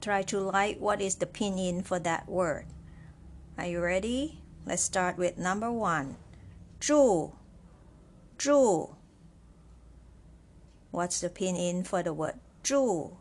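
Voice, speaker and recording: A woman with a lowish voice leads a pinyin quiz. She talks very slowly and patiently, spelling out each letter and tone with care. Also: slight background noise. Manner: slow and deliberate, spells letters out one by one. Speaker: Chinese language teacher. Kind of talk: slow spoken pinyin quiz lesson.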